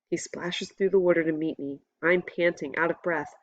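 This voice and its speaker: A woman reading a novel aloud as a first-person audiobook narrator, in a steady, measured storytelling voice. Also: low-pitched, no room sound, dull audio.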